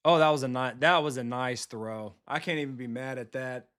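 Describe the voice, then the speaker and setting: A man streaming a football video game live, talking casually and bluntly with his viewers and reacting quickly to the plays. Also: mid-range voice, a bit bright, clean tone. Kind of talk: live gameplay commentary, chatting with viewers.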